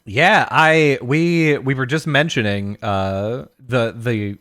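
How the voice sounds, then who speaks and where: A man's voice: mid-range voice, fairly bright tone, no room sound, faint music behind. A man co-hosting a podcast in casual chat, riffing and joking playfully. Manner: quick jokey riffing, playful. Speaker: podcast co-host.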